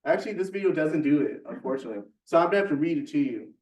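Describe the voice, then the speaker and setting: A man's voice: fairly high pitch, animated, very fast, few pauses, darkish tone, distant mic. A man hosting a real estate office meeting, enthusiastic and chatty, repeating words as he urges people on. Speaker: meeting host. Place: large meeting room. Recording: echoey room, heard from afar.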